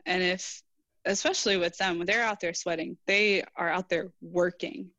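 A young woman engineer speaks as a podcast guest in a somewhat low voice. She answers earnestly and thoughtfully, acting out bits of past conversations. The sound is close and dry. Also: steady tone, moderate pace, a bit bright, no echo, muffled recording. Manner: earnest, reflective, quotes herself in dialogue. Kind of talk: casual interview answers.

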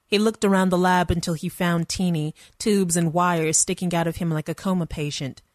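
Low-voiced woman reading a story. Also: fairly even intonation, moderate pace, darkish tone, dry recording, studio quality. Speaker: narrator. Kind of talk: first-person story reading.

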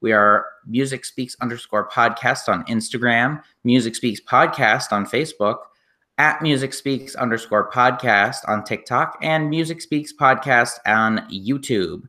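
Bright-voiced male podcast host in a roomy space. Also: medium pitch, unhurried. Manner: chatty, reads out social media plugs. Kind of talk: casual podcast interview.

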